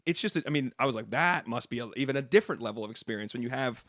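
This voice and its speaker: A man co-hosting a podcast, telling a story in quick, animated casual chat full of slang. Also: mid-range voice, no echo, studio quality. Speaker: podcast co-host and sports reporter.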